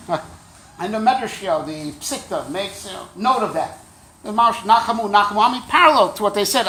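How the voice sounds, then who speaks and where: High-voiced rabbi giving a casual class. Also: male voice, fairly bright tone. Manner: conversational, keeps checking in with "right?"; wry, joking asides. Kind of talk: Torah class lecture.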